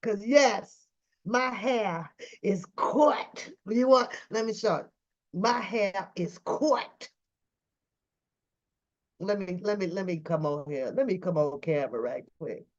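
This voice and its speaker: A woman's voice: medium pitch, slow, pauses often. A woman hosting a reaction livestream, talking in a drawling, profane, mocking way. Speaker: reaction channel host. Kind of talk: casual livestream commentary. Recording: dull lo-fi home stream audio.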